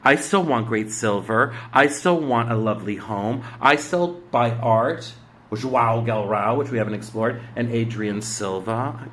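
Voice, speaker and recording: A man hosting a spiritual astrology talk, giving blunt, preachy exhortations with swearing, swinging from loud urging to hushed asides. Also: lowish voice, slight background noise. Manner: commanding exhortations. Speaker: spiritual astrology show host. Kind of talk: emphatic motivational monologue.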